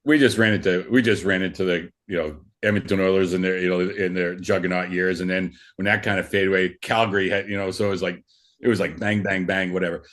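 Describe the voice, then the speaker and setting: Rambling middle-aged man, lowish voice. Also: steady tone, quick pace, a bit bright. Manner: rambling, many restarts and fillers. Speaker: podcast guest, former hockey player. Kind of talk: casual storytelling.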